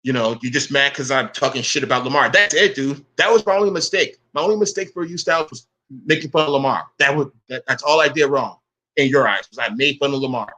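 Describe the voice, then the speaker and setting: A man's voice: mid-range voice, fast, pushed and bright. A man in a profane, confrontational rant to camera. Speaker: online commentator.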